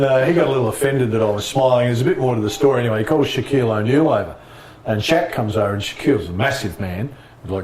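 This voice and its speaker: A middle-aged Australian man and former basketball player, telling lively anecdotes in a casual interview and laughing often. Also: medium pitch, fast talker, roomy sound, distant mic.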